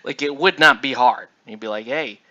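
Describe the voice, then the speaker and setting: A man's voice: mid-range voice, a little fast, bright, forceful tone. A tired man chatting casually and rambling, full of fillers and restarts, while he paints. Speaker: miniature painting channel host. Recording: dull lo-fi recording.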